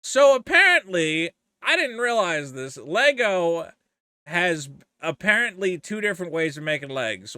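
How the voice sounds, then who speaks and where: A man's voice: a little high, sharp tone, clean tone, no echo. A man giving casual, profane, rambling commentary as a vlogger.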